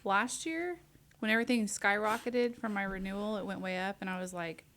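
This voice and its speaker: A woman hosting a community radio talk show, loud and close to the mic, chatting casually with plenty of fillers. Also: mid-range voice, a little fast, slight background noise. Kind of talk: casual interview chat.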